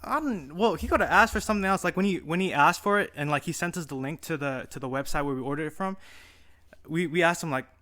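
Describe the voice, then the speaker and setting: A man with a slightly high voice talks quickly as a guest on a casual podcast. He sounds laid-back and fills his sentences with "like". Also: pushed and bright. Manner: laid-back, filler-heavy talk. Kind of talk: casual chat.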